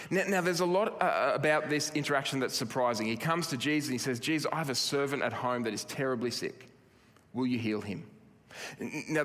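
A man's voice: medium pitch, a bit bright. A man preaching a sermon in an earnest, emphatic way, often restarting his phrases. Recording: long hall reverb.

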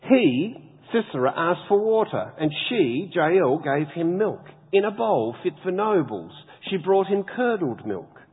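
A man preaching a sermon, reading scripture slowly and with heavy emphasis. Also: sits high, sing-song, slightly rough. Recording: tinny phone-like sound with long hall reverb.

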